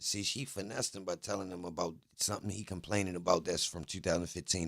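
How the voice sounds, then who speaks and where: A man giving casual reaction commentary, excitable and profane, using street slang and talking straight to his viewers. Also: low voice, quick pace, gravelly, hardly any pauses, dry recording, clean studio sound. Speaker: commentator reacting to court transcripts.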